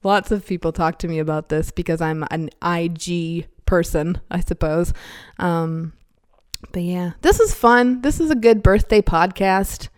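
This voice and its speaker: A woman's voice: on the low side, a little mellow, clean tone. Profane, rambling woman podcast host. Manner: candid, profane and rambling, quick to get riled up. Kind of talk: casual solo chat.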